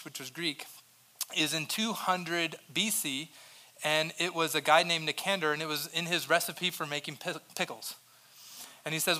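A man preaching a sermon as pastor, energetic and conversational, swinging between loud emphatic lines and quiet asides, joking with the congregation. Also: a little high.

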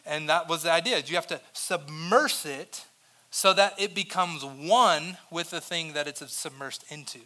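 High, bright-voiced energetic male pastor. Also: unhurried. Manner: energetic, swings between loud emphasis and quiet asides; conversational and joking with the congregation. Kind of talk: sermon.

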